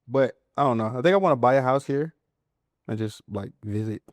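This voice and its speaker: A man's voice: medium pitch, a little fast, dry recording. A man in his twenties from Mississippi with a Southern country accent, a guest chatting laid-back and humble in slangy stories. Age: 20s. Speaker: guest, comedian and content creator. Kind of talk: casual interview chat.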